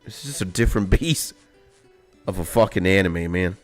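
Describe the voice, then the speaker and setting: A young man chatting casually on a gaming stream, excited and swearing a lot, full of slang, while music plays behind. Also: low voice, moderate pace.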